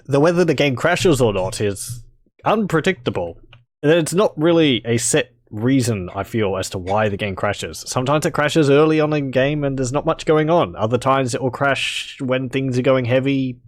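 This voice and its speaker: A man's voice: medium pitch, moderate pace, no echo. A man casually commenting on a strategy game, chatty and rambling, with jokey asides. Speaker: gameplay commentator.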